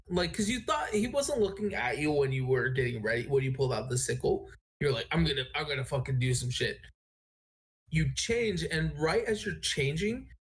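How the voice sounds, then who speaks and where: Game master, casual and self-correcting, lively pitch. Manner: rambling, self-correcting narration. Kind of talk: narrating a tabletop game.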